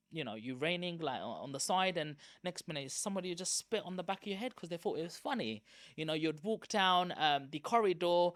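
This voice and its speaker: A man, a guest telling candid stories from his school days in a lively, chatty way. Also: a little high, no echo, studio quality. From East London, England. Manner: lively, chatty, self-aware. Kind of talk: candid personal storytelling.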